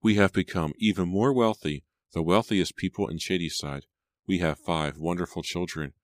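A man's voice: sits low, normal speed, dry recording, clean studio sound, natural voice. A man narrating an audiobook voices a woman mystic who follows the spirits and talks in a dreamy, insistent way. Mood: otherworldly.

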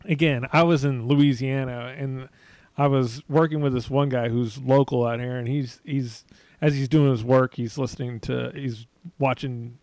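A man's voice: medium pitch, fairly even intonation, normal speed, a little mellow, no echo. A man hosting a podcast, chatting casually in a rambling, self-deprecating way, laughing often. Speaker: podcast host. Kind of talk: casual chat. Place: away from home, remote.

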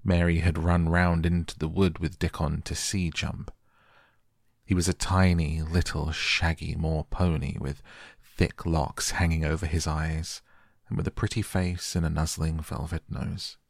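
A man narrating an audiobook softly for bedtime, gentle and unhurried. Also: a bass voice, flat delivery, vocal fry, no echo, clean studio sound. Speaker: audiobook reader.

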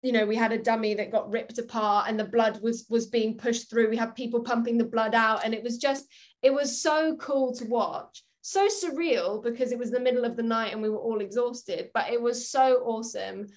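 A young woman telling stories from a film set in a casual interview. Her voice sits a little high and she laughs easily as she talks. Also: moderate pace. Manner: giggly, animated storytelling. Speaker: actress, guest.

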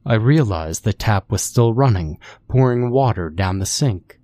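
A man calmly reading a horror story as its narrator, in a measured, steady delivery. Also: lowish voice.

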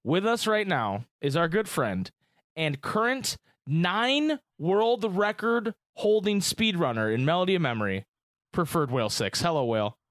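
A man's voice: a little high, very animated, measured pace, a bit bright, no echo, clean studio sound. A man hosting a podcast in a casual, chatty and enthusiastic way, hyping up his guests. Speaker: podcast host.

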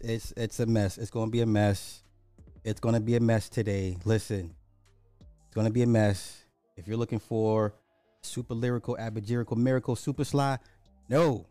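A man's voice: on the low side, clear, resonant tone, no echo. Rambling man hosting a live radio show. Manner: loose, repetitive, excitable, swears. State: sick.

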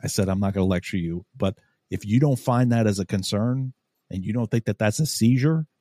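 Animated storytelling man, low voice. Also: a little fast, dry recording, clean studio sound. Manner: animated, swears a lot, acts out quotes loudly. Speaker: podcast host. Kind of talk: casual storytelling chat.

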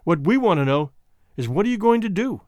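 Male narrator doing a blunt, commanding frontier man, lively pitch, dry sound. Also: fairly quick, no echo. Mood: grim. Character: grim, forceful man defending a sick woman.

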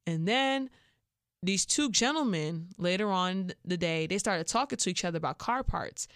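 A young woman from Chicago with a Chicago accent, hosting a podcast and telling a story in a casual, animated way, acting out what people said. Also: fairly low pitch, normal speed, no echo, studio quality. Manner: animated, acts out quoted voices with laughs. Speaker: podcast host.

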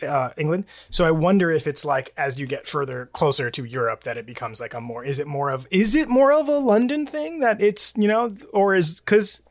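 A man's voice: a little high, animated, brisk, hardly any pauses, no room sound, clean studio sound. A man from the United States co-hosting a podcast in casual chat, rambling and laughing often. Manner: rambling, restarts, laughs a lot. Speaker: podcast co-host.

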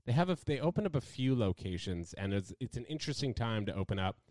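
A man's voice: mid-range voice, big pitch swings, fast, a little mellow, no room sound. A young man hosting a podcast, chatting casually with lots of "like" and fillers, his voice jumping up when he laughs. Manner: loose, filler-heavy talk with laughing swings upward. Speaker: podcast host. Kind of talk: casual chat.

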